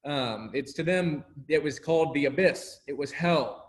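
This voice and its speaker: A man teaching a casual Bible class, animated and laughing often, acting out the people he quotes. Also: on the high side, normal speed.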